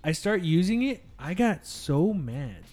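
A man in casual gaming chat, animated and swearing freely as he tells stories from his streams. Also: a little high, unhurried, faint music behind. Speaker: podcast co-host, streamer.

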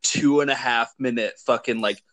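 A man's voice: medium pitch, normal speed, a bit bright, no room sound. A man co-hosting a podcast, chatting casually with enthusiasm, rambling with lots of fillers and swearing. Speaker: podcast co-host. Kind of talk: casual chat.

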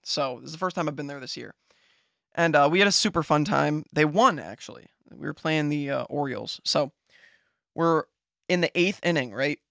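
A young man from Ohio, podcast host, telling a story in an excited, rambling way with lots of fillers. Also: a little high, vocal fry, dry recording, clean studio sound. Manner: excited, fast-talking, lots of fillers and "right?". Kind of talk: casual storytelling.

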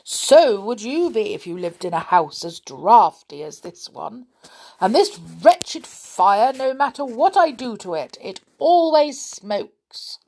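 A woman voicing a simple-minded male creature chief who grumbles and sounds slow and puzzled. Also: fairly high pitch, big pitch swings, a little mellow, voice pushed up, full character voice. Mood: grumbling.

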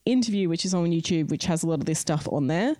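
A woman's voice: on the low side, lively intonation, quick pace, warm tone, no room sound, studio quality. A woman co-hosting a podcast, recounting a story in casual chat full of fillers. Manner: chatty, many fillers, recounting events. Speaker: podcast co-host. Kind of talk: casual true-crime storytelling.

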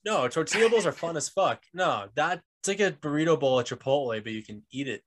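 A man co-hosting a casual food podcast, talking in a laid-back, joking way that often trails off quietly. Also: fairly high pitch, lively intonation, a little fast, noisy background. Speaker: podcast co-host.

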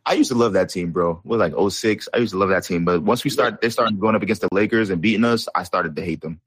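A young podcast co-host chats casually about basketball, rambling loosely with plenty of slang and fillers. His voice is lowish, fast, a bit bright and slightly rough, in a dry recording.

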